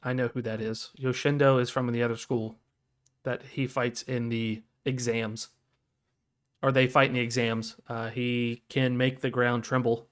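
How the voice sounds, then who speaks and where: A man of ordinary pitch chats loosely on a podcast. He rambles, circles back and restarts his sentences, with plenty of fillers as he goes. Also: flat delivery, a little slow. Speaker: podcast co-host. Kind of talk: casual chat.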